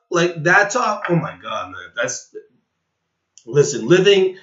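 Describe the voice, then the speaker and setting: Man, commentator, rambling rant, high bright voice, roomy lo-fi recording. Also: unhurried. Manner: rambling, repeats himself, sighs. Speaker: online commentator. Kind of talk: ranting reaction commentary.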